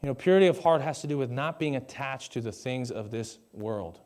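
A man's voice: mid-range voice, fairly quick, a little mellow. A young man preaching a conversational sermon to a live congregation on a stage mic, with jokey asides and questions to the audience. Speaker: pastor.

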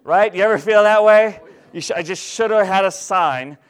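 Man preaching, storytelling sermon, conversational, smooth clear tone. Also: sits high, moderate pace. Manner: candid, conversational, asks the congregation rhetorical questions. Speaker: pastor.

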